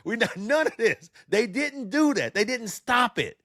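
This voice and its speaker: A man's voice: extremely high pitch, very animated, measured pace, pushed and bright, no room sound, clean studio sound. A man co-hosting a podcast, arguing passionately and building his case with examples. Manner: impassioned, builds arguments with examples. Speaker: podcast co-host. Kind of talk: heated podcast discussion.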